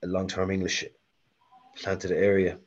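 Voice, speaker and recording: A man with an Irish Carlow accent who hosts an online talk and reads out audience questions. He speaks haltingly, with many fillers. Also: sits low, completely flat delivery, highs cut off. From Ireland. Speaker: host reading audience questions.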